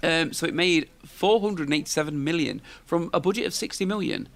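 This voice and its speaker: Guy, 30s, gravelly podcast host, rambling and chatty. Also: a little high, lively intonation, brisk, fairly bright tone. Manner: rambling, chatty, lots of fillers and tag questions. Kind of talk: casual chat.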